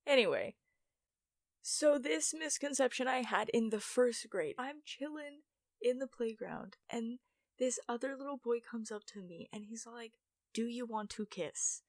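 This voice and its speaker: A woman's voice: a little high, lively intonation, measured pace, dry recording, clean studio sound. A young woman from the United States telling childhood stories in a rambling, self-mocking vlog, with lots of fillers. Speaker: YouTuber. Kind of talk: casual storytime monologue.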